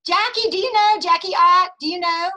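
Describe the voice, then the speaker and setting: A woman's voice: very high-pitched, normal speed, pushed and bright, low-quality recording. A woman leads a motivational sales meeting over a video call from her home office, enthusiastic and preachy, calling out to her listeners. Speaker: sales team leader.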